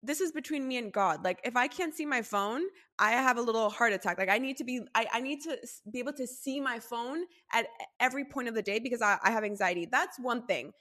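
Bright, blunt young woman telling stories. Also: fairly high pitch, expressive, fast talker, hardly any pauses. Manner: blunt, profane storytelling. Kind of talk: casual chat.

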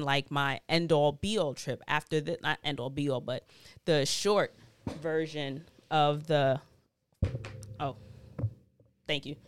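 A woman hosting a podcast, telling a travel story in a chatty, profane, animated way with plenty of slang. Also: sits low, smooth, no echo, studio quality. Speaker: podcast host. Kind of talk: casual storytelling monologue.

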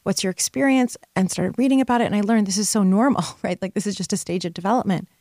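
A woman in her forties, a retreat leader and women's coach, telling personal stories in an animated way, with big leaps in pitch. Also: quick pace, no room sound, studio quality. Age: 40s. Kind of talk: personal storytelling monologue.

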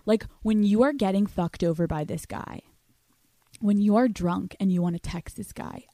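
A young woman hosts a podcast and hands out dating advice in a loud, blunt, foul-mouthed way. She keeps slipping into little acted-out conversations. The voice sits in the middle of the range and sounds dry and close, with no room echo. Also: medium pitch, moderate pace. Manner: blunt, brash, swears constantly, acts out imagined dialogues. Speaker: podcast host. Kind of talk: profane advice monologue.

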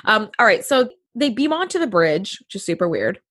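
Give me a husky woman co-hosting a podcast, recapping with a lively, animated pitch and wry exasperation. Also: normal speed. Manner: expressive storyteller, acts out quotes, exasperated humor. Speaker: podcast co-host. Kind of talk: casual podcast chat.

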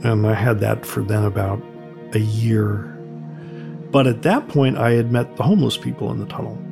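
Gravelly-voiced older man telling stories. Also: moderate pace. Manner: conversational, acts out quotes with raised pitch. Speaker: graffiti artist recounting his career. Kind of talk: reflective storytelling. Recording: soft music underneath.

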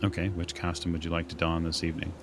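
Gravelly low-voiced game master. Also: male voice, fast, music in the background. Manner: calm, matter-of-fact narration calling for dice rolls. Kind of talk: narrating a tabletop horror game.

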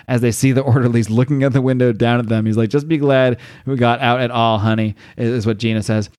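Man, podcast host, casual comic recap, acts out lines, swears, middle pitch. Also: fairly even intonation, fast talker, a little mellow, no echo, clean studio sound.

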